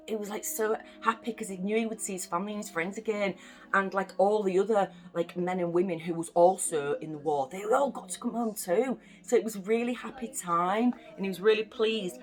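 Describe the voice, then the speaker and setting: A young woman from the UK reading a children's bedtime story aloud, with chatty, playful asides to the listening children. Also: medium pitch. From United Kingdom.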